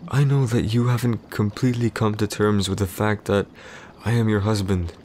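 A man's voice: steady tone, normal speed, darkish tone, slight background noise, lightly acted. A man playing a possessive jealous warrior husband, whispered role-play. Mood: grudging. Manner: curt, irritated, possessive, speaks low and close. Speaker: voice actor in a boyfriend roleplay.

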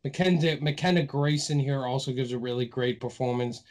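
A young man from Massachusetts co-hosting a film podcast in casual chat, easygoing and quick to laugh. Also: medium pitch, darkish tone. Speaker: podcast co-host.

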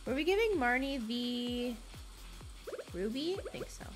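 A woman's voice: high voice, animated, measured pace, music in the background. A young woman chatting casually and giggling as she streams a farming game. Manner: chatty, giggly, easily distracted. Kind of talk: casual gaming livestream chat.

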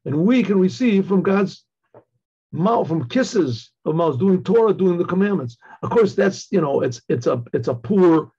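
An older man, a rabbi, giving a Torah class, telling a story in a halting way with many restarts and frequent throat clearing. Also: high voice, animated, mellow, muffled recording. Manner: halting, repeats words, clears throat often. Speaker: rabbi teaching.

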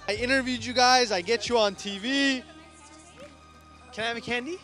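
A man's voice: very high voice, moderate pace, a faint crowd. A man from Turkey working as a TV reporter, joking and teasing as he interviews people outdoors on city streets with a handheld mic. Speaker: TV reporter and host. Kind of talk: playful street interviews and narration. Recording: music playing under the voice. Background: loud music.

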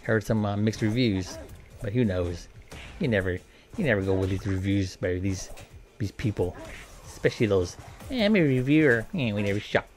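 A man's voice: on the low side, fairly even intonation, moderate pace, a little mellow. A man casually commentating a video game, joking and talking playfully to the characters. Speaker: gameplay commentator.

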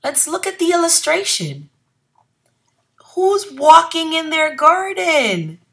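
A woman teacher reading a picture book aloud to children, pausing to ask questions about the illustrations in an expressive storytelling manner. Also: very high-pitched. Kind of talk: read-aloud lesson.

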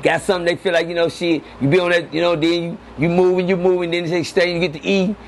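Animated profane man telling stories, noisy. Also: sits high, fast. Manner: animated, profane storytelling with repeated words. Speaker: interview guest. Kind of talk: casual storytelling. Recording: noisy background.

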